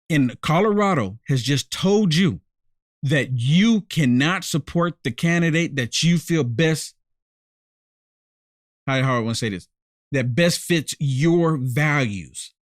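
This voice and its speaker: A man hosting a live-streamed commentary show speaks emphatically and hammers his points through repetition, turning often to address his viewers. His voice sits a little high for a man. The sound is dry and close, with no room echo. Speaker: political commentary host.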